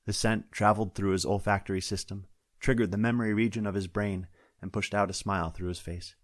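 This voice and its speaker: A man, the author, reading his science-fiction story aloud in a steady, wry narrating manner. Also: lowish voice, brisk, dry recording. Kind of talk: scripted audiobook narration. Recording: dry close-up studio sound.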